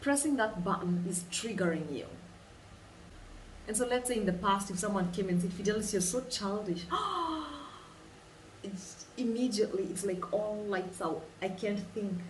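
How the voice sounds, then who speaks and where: Woman, animated storyteller, repeats phrases, echoey room. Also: mid-range voice, slight background noise. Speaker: vlogger. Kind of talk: guided imagination exercise. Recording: roomy sound, distant mic, faint ambience.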